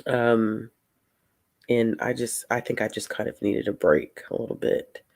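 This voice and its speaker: A mid-range, steady, gravelly male voice belongs to a host of a casual reading livestream. He yawns and sounds tired, rambles at a slow pace, leans on "y'all," and says hello to chat viewers.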